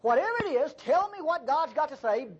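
A man's voice: extremely high pitch, animated, a little fast, highs cut off, slight background noise, pitched above the performer's own voice. A preacher doing a stern, exasperated king. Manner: insistent, demanding.

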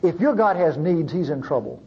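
Brief: male preacher, husky, animated sermon delivery, dull muffled recording. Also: a little high, normal speed. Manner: animated, pleading, swings from loud to hushed.

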